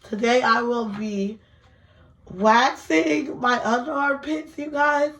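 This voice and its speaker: Young woman vlogger, slightly high voice, unhurried nervous chatter to camera. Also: fairly even intonation, a bit bright. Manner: chatty, nervous, addresses viewers as y'all. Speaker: beauty vlogger. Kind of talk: casual vlog chat. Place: indoors at home.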